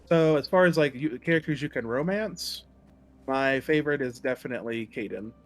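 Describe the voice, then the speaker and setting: A man's voice: medium pitch, moderate pace. A man chatting casually while streaming a game, laid-back and musing, with a sarcastic streak. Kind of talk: casual gaming stream chat.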